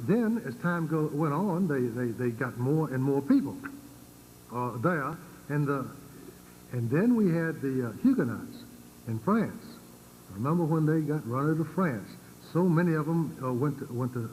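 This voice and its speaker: An older man with a Virginian accent giving an informal lecture to a congregation, halting and full of fillers and repeated words. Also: fairly high pitch, a little mellow, a little hiss or hum, poor audio. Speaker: church speaker.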